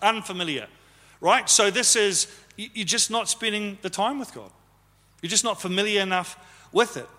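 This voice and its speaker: A man's voice: high voice, bright, forceful tone. A man, possibly, preaching a conversational sermon to his church and teasing the congregation. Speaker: pastor. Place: church hall. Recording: live sermon with long hall reverb.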